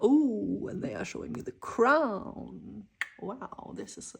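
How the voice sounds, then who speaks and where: A woman giving a dreamy, spontaneous channeled tarot reading, drifting into whispers and excited exclamations. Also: fairly low pitch, vocal fry, husky. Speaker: tarot reader.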